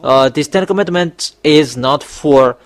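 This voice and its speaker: A man's voice: fairly high pitch, a little slow. A male preacher giving a sermon in non-native English, emphatic and repetitive, with sudden raised bursts. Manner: speaks English as a second language, with non-native grammar.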